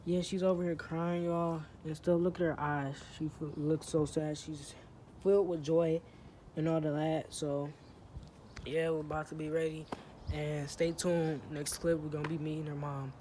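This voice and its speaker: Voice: medium pitch, little pitch movement, normal speed, mellow. Joking vlogger in a noisy outdoors. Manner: joking, playful, slangy. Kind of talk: casual vlog talking to camera. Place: outdoors in sun, near a truck.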